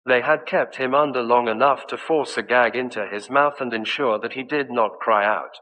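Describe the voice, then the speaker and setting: A man reading a mystery story aloud as an audiobook narrator, in an even, measured way. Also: mid-range voice, big-room sound, rough recording.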